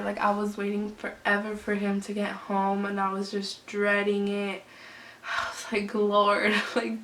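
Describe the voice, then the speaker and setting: A young woman in her twenties chats through a personal story for her vlog, leaning on filler words as she goes. Her voice is mid-pitched and sits a little back from the mic, and the room gives it a noticeable echo over a faint background hum. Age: 20s. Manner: chatty, lots of "like" fillers, emotional retelling. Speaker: vlogger. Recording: roomy, slightly distant camera mic with faint hum.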